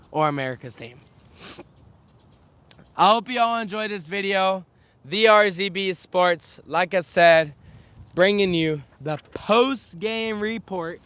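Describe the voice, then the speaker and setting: A young adult sports vlogger with a high-pitched, clean voice speaks slowly, though with energy, in a live recap outside a windy stadium. Getting over a slightly scratchy voice, he chats to a camera on a stand and lists stats.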